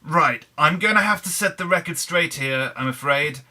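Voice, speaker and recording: A man's voice: on the high side, moderate pace, bright, forceful tone. An English man giving casual, wry, self-deprecating commentary as he plays Minecraft. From England. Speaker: gaming channel host.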